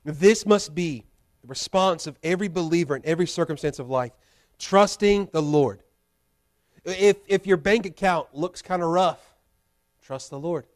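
High-voiced man preaching earnestly. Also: moderate pace. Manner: earnest preaching with repeated rhetorical questions. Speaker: pastor. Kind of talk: sermon. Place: church sanctuary.

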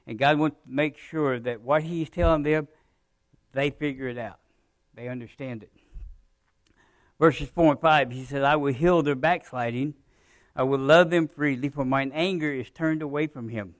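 A man preaching a sermon in a church, talking to the congregation in a conversational way, stressing key phrases and dropping low at the ends of sentences. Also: normal speed, no echo. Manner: rises in volume on emphasized phrases, drops low at sentence ends. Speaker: pastor. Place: church sanctuary.

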